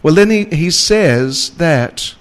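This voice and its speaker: A man's voice: on the high side, expressive, takes it slowly, clear, resonant tone. A man giving a scriptural lecture, retelling a story and reading verses with rising emphasis, with light chuckles. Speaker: spiritual teacher.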